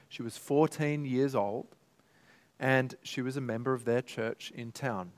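A man's voice: mid-range voice, measured pace. A man preaching from the pulpit in a mid-range voice. He speaks earnestly, with heartfelt emotion, and builds to emphatic peaks. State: tearful at times. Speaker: pastor. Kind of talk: sermon.

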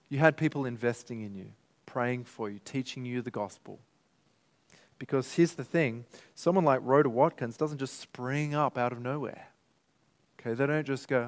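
Earnest pastor preaching. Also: male voice, mid-range voice, normal speed. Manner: earnest, emotional, rises to emphatic peaks. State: tearful at times. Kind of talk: sermon.

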